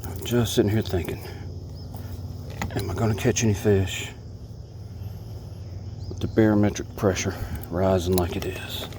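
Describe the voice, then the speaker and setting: A man from Alabama, chatting to the camera from a kayak and talking excitedly to the fish he catches. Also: low-pitched, unhurried, pauses often, background noise. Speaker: fishing vlogger. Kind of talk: casual talk to camera while fishing. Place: kayak on a creek outdoors.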